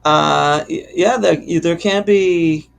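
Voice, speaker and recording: Male advisor voice with some fry, pitched a bit high, explaining patiently. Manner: measured, hesitant, with fillers. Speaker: insurance expert co-host. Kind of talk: explanatory casual chat.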